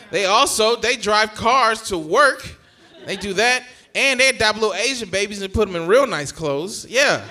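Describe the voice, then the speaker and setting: A young man doing stand-up comedy, telling stories in an animated way and shouting his punchlines. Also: sits high. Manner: animated storytelling with loud punchlines.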